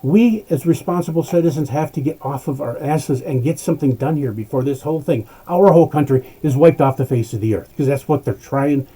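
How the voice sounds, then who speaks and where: A man's voice: on the high side, a little fast, few pauses, dark tone, breathy edge, low-quality recording. A man hosting a political talk show, ranting in a fired-up way and swearing as he urges listeners to act. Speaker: host.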